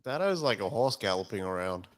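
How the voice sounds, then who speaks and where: An Australian man banters on a movie podcast, joking and swearing casually. His pitch is very lively and moves a lot as he talks. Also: a little fast. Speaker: podcast co-host. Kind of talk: casual chat.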